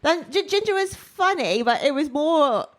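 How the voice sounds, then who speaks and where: A woman's voice: sits high, lively intonation, normal speed. A woman co-hosting a podcast, chatting in a dry, matter-of-fact way. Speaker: podcast co-host. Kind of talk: casual chat.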